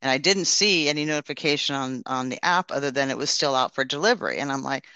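A man's voice: mid-range voice, fast talker, sharp tone, smooth, dry recording. A man casually sharing a testimony and praying, telling his story in an earnest, rambling way with many restarts.

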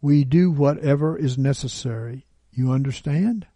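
A man's voice: on the high side, normal speed, warm tone, no room sound. A man voicing a bitter, contemptuous woman who calls herself a witch, speaking arrogantly and snapping. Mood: scornful. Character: scornful bitter adult woman, a self-declared witch.

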